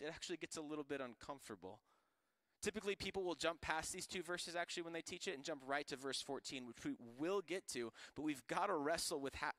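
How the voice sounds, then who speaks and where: A man's voice: a little high, sharp tone, dry recording. A man from Florida preaching a sermon in a casual, joking way full of slang. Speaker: pastor.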